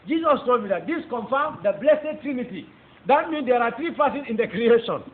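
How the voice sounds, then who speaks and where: This Nigerian-accented preacher has an extremely high-pitched, animated voice and talks fairly quickly. His testimony sermon is fervent and emphatic, building to exclamations, captured in tinny phone-quality sound with faint noise.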